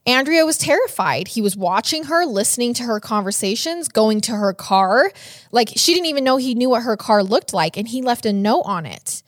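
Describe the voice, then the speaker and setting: A woman's voice: on the high side, moderate pace, no room sound, clean studio sound. Chatty woman telling a true-crime story. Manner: chatty, animated, frequent "like". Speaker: podcast co-host.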